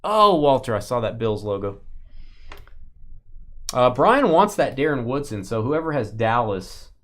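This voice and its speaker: Dude running a live card break, chatty and joking, average pitch. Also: male voice, very animated, measured pace, a bit bright.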